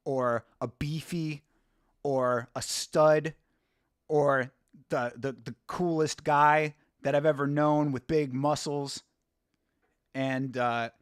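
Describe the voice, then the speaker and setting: A man's voice: fairly high pitch, fairly even intonation, slow, smooth, dry recording, clean studio sound. A man hosting a live watch-along stream, chatting casually, rambling and laughing as he reads from chat.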